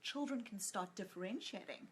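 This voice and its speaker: A woman psychologist and author in a conversational interview, telling stories in an animated way and acting out what people said. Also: medium pitch, normal speed, husky. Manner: animated storyteller who acts out quoted lines.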